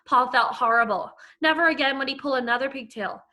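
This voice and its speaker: Expressive high-voiced woman reading aloud. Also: a little fast. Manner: expressive storytelling. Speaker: teacher. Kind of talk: reading a chapter book aloud.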